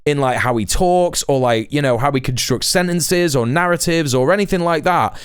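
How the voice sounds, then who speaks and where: A man's voice: fairly high pitch, moderate pace, few pauses, smooth, no echo, studio quality. A young British man streaming a reaction, mocking and exasperated, swearing often. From Britain.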